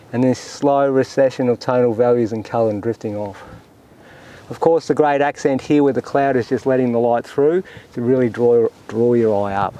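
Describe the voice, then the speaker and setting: A man's voice: mid-range voice, poor audio. A man, talking through his painting outdoors in an easy, reflective way. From Australia. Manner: relaxed, reflective, talks to himself while painting. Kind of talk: painting demonstration commentary. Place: outdoors in windy open country.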